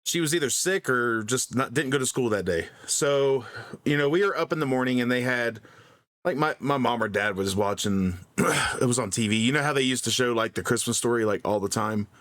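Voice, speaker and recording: A man's voice: mid-range voice, a little fast, fairly bright tone. A man co-hosting a podcast, telling a long story in a rambling way, full of fillers, restarts and laughs at himself. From grew up in the country. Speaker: podcast co-host. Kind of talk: casual storytelling.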